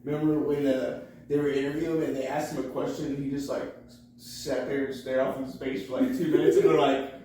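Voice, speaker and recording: A man's voice: mid-range voice, steady tone, fast talker, dark tone. A man co-hosting a casual podcast, telling rambling anecdotes full of fillers. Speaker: podcast co-host. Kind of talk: casual drunken chat. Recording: echoey room, far from the mic, faint noise.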